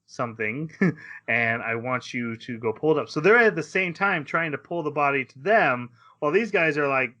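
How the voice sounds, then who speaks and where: Man, podcast co-host, bright voice, casual rambling recap, laughs between lines. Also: on the high side, animated, moderate pace, dull audio. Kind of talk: casual anime recap chat.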